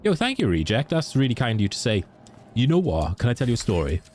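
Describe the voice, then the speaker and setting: A man's voice: medium pitch, very animated, fast, a little mellow, a little hiss or hum. A young man with a Welsh accent, casually chatting with his viewers while streaming a game and answering them by name. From Wales. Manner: chatty, answers chat by name, laughs easily. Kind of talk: casual live-stream chat.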